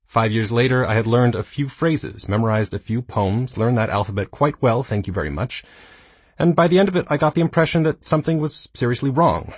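A man in his thirties reading his own nonfiction book aloud, with dry, self-mocking humor and a slightly husky voice. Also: medium pitch, expressive, a little fast, no echo. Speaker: audiobook narrator. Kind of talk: scripted nonfiction narration.

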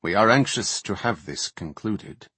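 A man's voice: lowish voice, animated, unhurried, sharp tone, breathy edge, no room sound, exaggerated voice. A man voicing a proud male elf archmage, polite yet demanding.

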